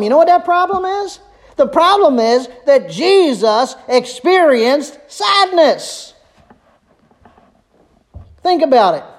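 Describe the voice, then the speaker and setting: A woman pastor preaching a conversational sermon, asking rhetorical questions and dropping her voice low and quiet for emphasis.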